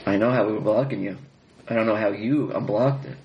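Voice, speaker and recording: A man's voice: fairly low pitch, a little fast, reverberant, dull audio, slight background noise. A man playing his character in a tabletop game, answering in a dry, terse, wry way. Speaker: player.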